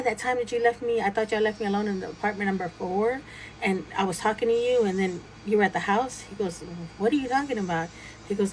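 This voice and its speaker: A woman's voice: mid-range voice, slight background noise, low-quality recording. Woman casually telling a ghost story. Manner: animated retelling, acting out quoted dialogue.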